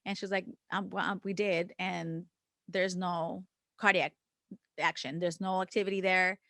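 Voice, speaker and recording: A woman's voice: on the low side, level tone, measured pace, fairly bright tone, dry recording. Candid woman telling a story, dry sound. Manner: acts out quoted dialogue with others; casual swearing. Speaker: podcast co-host. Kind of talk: casual podcast conversation.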